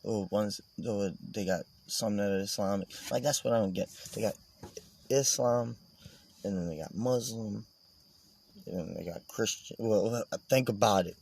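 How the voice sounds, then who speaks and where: A man's voice: fairly low pitch, moderate pace, vocal fry, a little mellow. A man vlogging in a casual, meandering monologue, swearing and joking as he goes.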